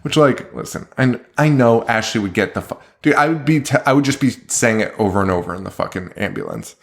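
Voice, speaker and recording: A man's voice: medium pitch, big pitch swings, brisk, gravelly. A man co-hosting a podcast, chatting casually and swearing a lot as he recaps a movie's plot with acted-out quotes. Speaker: podcast co-host.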